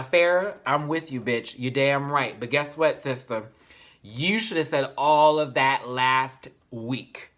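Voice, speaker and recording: A man's voice: on the high side, a bit bright. Sassy, emphatic male vlogger. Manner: sassy and emphatic, calls viewers y'all; heartfelt, speaks openly about feelings. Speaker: reality TV reviewer. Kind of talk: casual vlog commentary.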